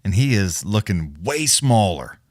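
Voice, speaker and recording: A man's voice: fairly low pitch, sing-song, unhurried, no echo, clean studio sound. Loose, swearing livestream host, man. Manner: loose, rambling, profane, chuckling. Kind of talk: casual profane storytelling chat.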